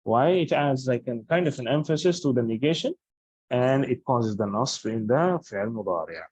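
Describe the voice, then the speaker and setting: Dark-voiced male grammar teacher. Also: mid-range voice, lively intonation, normal speed, breathy edge, dry recording, poor audio. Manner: explains patiently, restating points with frequent examples. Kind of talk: explanatory lecture.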